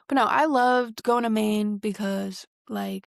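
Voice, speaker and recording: A woman's voice: fairly high pitch, moderate pace, few pauses, no room sound, studio quality. A young woman from the US Northeast, hosting a podcast and rambling in a slangy, casual way that leans heavily on "like.". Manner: rambling, slangy, heavy use of "like". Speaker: podcast host. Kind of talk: casual solo podcast chat.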